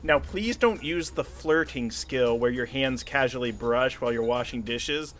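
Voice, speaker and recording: A man running a tabletop role-playing game as game master, relaxed and playful. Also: medium pitch, a little slow, over loud music.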